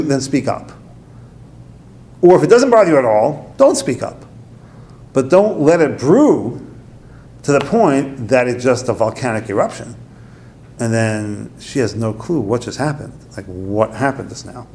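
Gravelly guy giving a torah class, tells stories and plays the angry husband, faint rumble behind. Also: a little mellow. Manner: storytelling, acts out quotes with sudden high outbursts.

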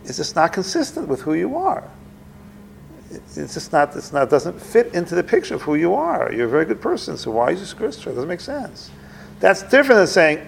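Gravelly-voiced man giving a relaxed talk. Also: normal speed, slight background noise. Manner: conversational, plays out dialogues with rising pitch, repeats himself. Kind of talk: informal Torah talk.

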